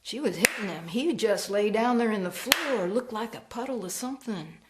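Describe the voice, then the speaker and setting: A woman storyteller performing a ghost story, slow and hushed, dropping to whispers. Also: medium pitch, lively intonation, heavy background noise.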